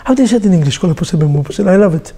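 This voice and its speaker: A man teaching as a rabbi, telling stories with jokes and sound effects in a lively sermon to a group. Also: high voice, very fast, breathy edge. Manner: animated storyteller, joking, with sound effects.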